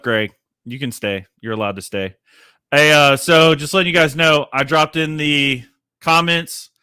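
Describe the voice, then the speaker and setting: A man hosting a casual livestream chat, rambling and animated, swearing freely and laughing at himself. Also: fairly high pitch, clean tone, no room sound, studio quality. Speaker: livestream host.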